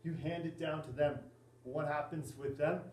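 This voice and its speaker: A man, a volleyball coach, giving a class presentation in a halting way with many fillers and restarts. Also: a little high, fairly even intonation, darkish tone, a little hiss or hum. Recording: echoey room, mic at a distance.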